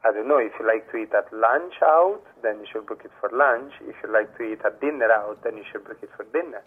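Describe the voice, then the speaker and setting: A man's voice: on the low side, fairly quick, breathy edge. A man working at a restaurant, taking a booking and patiently repeating his questions. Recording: tinny phone line.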